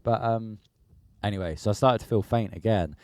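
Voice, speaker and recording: Brief: male podcast co-host, low mellow voice, dry close sound, animated sweary storyteller. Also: moderate pace, dry recording. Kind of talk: casual storytelling chat.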